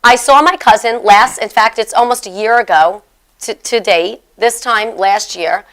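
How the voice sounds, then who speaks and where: A middle-aged woman hosting a show, telling her story in a chatty, animated way. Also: on the high side, moderate pace. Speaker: host. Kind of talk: casual chat.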